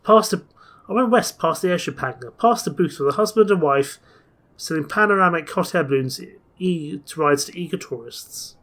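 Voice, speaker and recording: Speaking at a normal speed in a fairly high, somewhat bright voice, a game player reads a story game's text aloud. He's chatty, weaving talk about his choices and plans in with the reading.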